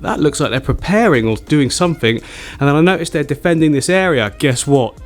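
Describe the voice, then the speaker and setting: Excitable chatty man. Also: a little high, a little fast, faint music behind. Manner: excitable, chatty, laughs often. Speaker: aquarium hobbyist vlogger. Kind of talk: excited casual vlog narration.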